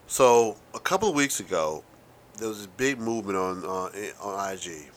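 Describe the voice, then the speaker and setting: A man in his thirties hosting a casual, rambling monologue, wry and profane with lots of asides. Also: fairly low pitch. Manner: self-described fast talker. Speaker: podcast host.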